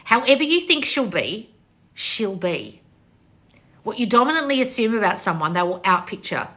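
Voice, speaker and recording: A woman's voice: mid-range voice, sing-song, moderate pace, pushed and bright. A woman coach hosting a live-stream Q&A on her phone, bluntly answering viewer comments with frequent swearing and laughter. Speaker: manifestation coach.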